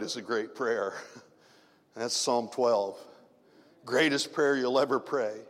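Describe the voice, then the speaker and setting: A man preaching a sermon in a conversational way, moving from loud emphatic questions to soft murmurs. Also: medium pitch, slow, pauses often, in a large hall. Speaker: pastor.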